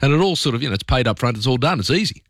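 A man's voice: medium pitch, expressive, very fast, a bit bright, no echo, clean studio sound. An Australian man hosting talkback radio, talking through his opinions in a conversational, opinionated way with plenty of fillers.

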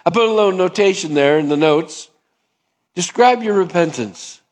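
A man's voice: high voice, lively intonation, moderate pace. A male pastor preaching a sermon in a conversational way, acting out both sides of little dialogues.

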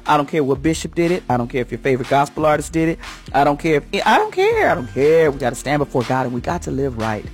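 A woman's voice: extremely low pitch, quick pace, a little mellow, soft background music. A woman hosting a morning radio segment, talking like a preacher in a fervent, folksy way with a church first lady's conviction. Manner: fervent, folksy, swoops up and down for emphasis.

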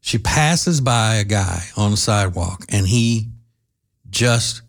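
A man with a deep, creaky, expressive voice runs a solo commentary show, laying out his opinions at great length. His speech comes in halting bursts packed with fillers and restarts, with occasional flashes of dry sarcasm.

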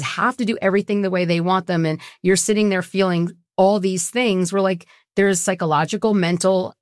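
A middle-aged woman with a fairly low voice tells her own story as a guest in a casual interview. She talks in an earnest, heartfelt way. The sound is dry and close, with no room around it. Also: dry recording. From Southwest Florida. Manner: earnest, personal, emotional storytelling. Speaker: guest, nonprofit co-founder.

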